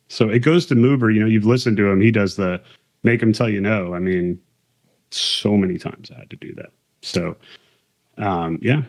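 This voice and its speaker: A low-pitched man talks openly about his path into naval aviation, recounting exchanges with lively emphasis. His delivery is conversational and unhurried in a relaxed interview. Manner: candid, conversational, retells quotes with emphasis. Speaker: guest, military aviator and author. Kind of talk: casual storytelling interview.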